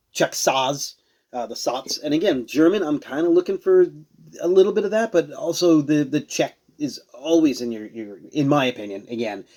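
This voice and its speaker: A man casually reviewing and tasting beers on a show he hosts, rambling and searching for words as he goes. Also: mid-range voice. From Rhode Island. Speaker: beer reviewer.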